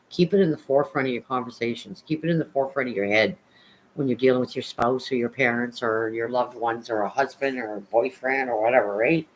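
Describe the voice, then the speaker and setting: A woman with an extremely low-pitched voice hosts a livestream, giving heartfelt, earnest advice and repeating key words for emphasis. The recording is low quality with slight background noise.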